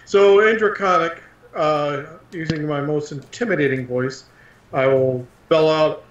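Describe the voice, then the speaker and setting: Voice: mid-range voice, measured pace. A tabletop player talking casually and tersely at the game table. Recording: roomy, dull lo-fi sound with faint noise.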